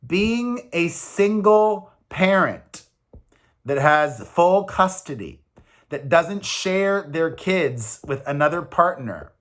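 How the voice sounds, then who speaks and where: A man's voice: fairly high pitch, a bit bright. A man in his forties, a single father, rambling in a casual, emphatic confessional vlog.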